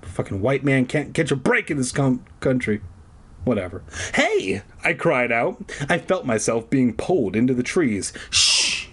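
A man's voice: medium pitch, moderate pace, few pauses, breathy edge. A man reading a children's horror book aloud in a comedic way, breaking off into sarcastic, profane rants. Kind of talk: comedic read-aloud with ranting asides.

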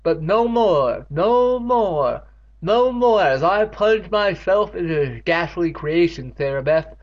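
A man putting on a high, slow, melodramatic tragic woman. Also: animated, full character voice. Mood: anguished. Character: pleading enchanted woman, desperate and tragic. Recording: dull lo-fi recording.

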